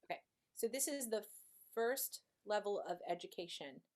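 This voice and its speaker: A giggly woman with a lively, swooping voice plays a word-guessing game. She laughs easily and talks in a casual, animated way on a video call. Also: medium pitch, normal speed. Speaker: co-host playing a party game.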